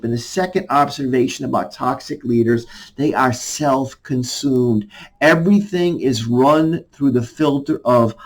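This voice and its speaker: A man in a mid-range voice gives a devotional message as an army chaplain. He talks in a loose, conversational way and reads scripture aloud. His voice sits at an ordinary pitch for a man. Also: a little slow, poor audio.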